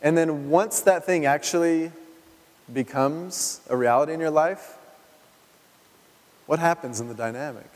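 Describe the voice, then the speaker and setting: Guy preaching casual sermon, kinda high voice, long echo off the hall, keeps asking the crowd stuff. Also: measured pace, pauses often, a little mellow. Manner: chatty, full of rhetorical questions. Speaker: pastor. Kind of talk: conversational sermon.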